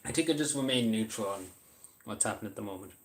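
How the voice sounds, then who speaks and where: A man's voice: lowish voice, quick pace. A man chatting casually on a livestream, hesitant and apologetic, with many fillers, eating while he talks.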